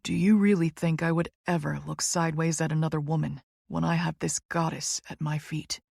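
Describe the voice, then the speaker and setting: A woman voicing a dominant, teasing young man in an audiobook, speaking low, slow and commanding. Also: steady tone, gravelly, darkish tone, dry recording, clean studio sound. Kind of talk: audiobook character voice.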